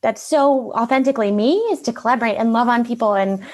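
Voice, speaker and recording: Upbeat woman in her thirties, fairly high voice, bubbly conversational interview guest. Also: fast. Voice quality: high-pitched voice. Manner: bubbly and upbeat, often laughs. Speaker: marketing consultant, guest. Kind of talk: casual interview chat.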